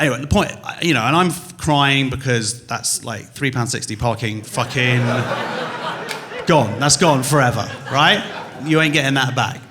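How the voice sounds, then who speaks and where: Swearing stand-up man on stage. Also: mid-range voice. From England. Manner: animated storytelling, acts out his wife and staff in quick voices; swears freely, jumps from loud to muttered. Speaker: stand-up comedian. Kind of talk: stand-up comedy set. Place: comedy club stage.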